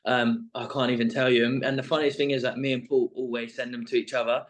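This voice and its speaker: Male guest, middle-pitched, chatty and rambling. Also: flat delivery, quick pace. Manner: rambling, full of "like" and "sort of". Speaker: reality show contestant guest. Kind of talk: casual interview chat.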